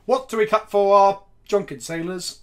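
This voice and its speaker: A mid-pitched streamer who talks loosely and excitably over an online card game. Swear words come often and loud laughs burst out between the plays. The talk is unscripted, live-stream chatter. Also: normal speed. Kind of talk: casual live-stream chat.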